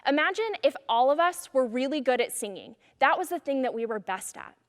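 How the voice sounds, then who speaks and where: A high-voiced woman delivers an encouraging youth message as a pastor, casual and earnest. Her voice trails into a long reverb. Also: lively intonation, brisk.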